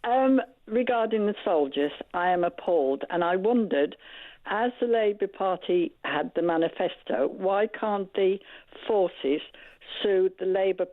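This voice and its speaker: A woman's voice: medium pitch, unhurried. Earnest woman caller on a thin, dry phone line. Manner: indignant, earnest. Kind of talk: phone-in call.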